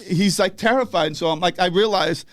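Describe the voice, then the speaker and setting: A man's voice: sits high, fairly quick. An older man from the northeastern US telling a story in casual chat, profane and laughing, acting out the people in it.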